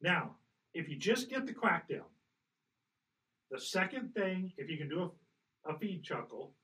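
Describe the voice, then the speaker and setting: A man coaching in a casual way, patient and corrective, stopping to demonstrate calls. His voice is bright and a bit higher than most men's. He sounds somewhat distant from the microphone. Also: sing-song, a little slow. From Colorado. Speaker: hunting guide.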